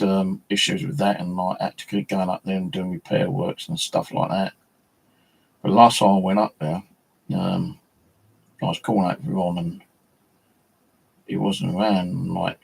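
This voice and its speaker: Gravelly man telling a rambling story. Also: deep voice, darkish tone, rough recording. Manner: rambling, swears a lot, many fillers. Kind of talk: casual storytelling.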